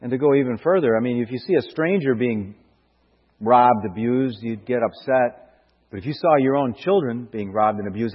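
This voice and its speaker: A man's voice: mid-range voice, moderate pace, slightly rough. A middle-aged man preaching a sermon, earnest and searching, with stammered restarts and rhetorical questions that build to emphatic bursts. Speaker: pastor. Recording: dull lo-fi sound with hall reverb.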